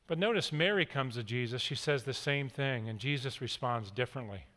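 A man's voice: medium pitch, a little fast, bright, forceful tone. A man in his forties preaching a sermon, reading scripture and telling stories in an earnest, conversational way. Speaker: pastor. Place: large church hall. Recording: long hall reverb.

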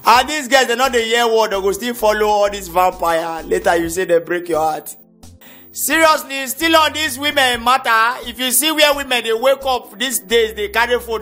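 A Nigerian man doing a stand-up comedy routine in Nigerian Pidgin English, animated and shouting out his punchlines. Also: very high voice, moderate pace. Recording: comedy CD with music behind.

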